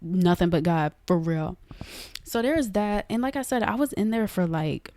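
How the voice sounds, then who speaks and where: Chatty young woman with a gravelly low voice. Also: normal speed, no room sound. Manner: chatty, animated, addresses listeners as y'all. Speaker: podcast host. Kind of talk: casual storytelling to viewers.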